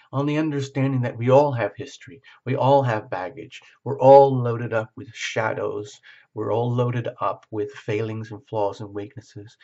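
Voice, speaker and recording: A man's voice: medium pitch, a little mellow, muffled recording. A man giving a reflective spoken tarot reading, often checking in with the listener. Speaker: tarot reader.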